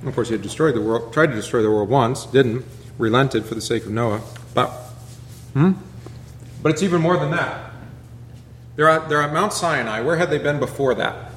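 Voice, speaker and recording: A man, a pastor, teaching a Bible class in a relaxed conversational way, peppering it with rhetorical questions and asides. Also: medium pitch, moderate pace, long pauses, roomy sound, a little hiss or hum.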